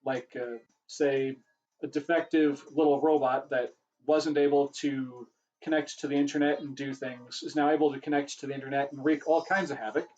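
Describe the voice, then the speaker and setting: Level in tone and moderate in pace, this man's mid-range voice is a little mellow, and the audio is dull. He takes questions on a casual livestream, talking at length, correcting himself along the way, his voice getting tired.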